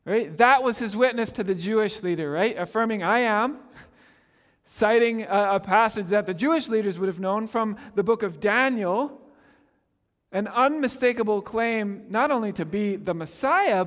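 A man preaching a sermon, animated, acting out the speakers he quotes and often repeating his words. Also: high-pitched, big-room sound.

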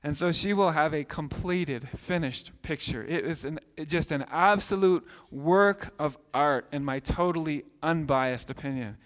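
A man in his thirties, a pastor preaching a sermon with animated storytelling, acting out voices. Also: a little high. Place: church sanctuary. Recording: long hall reverb.

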